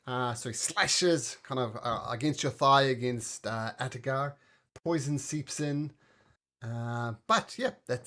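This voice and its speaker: Cheerful and talkative, a man with a medium-pitched voice leads a tabletop game as its game master, getting excited whenever the dice favor the table.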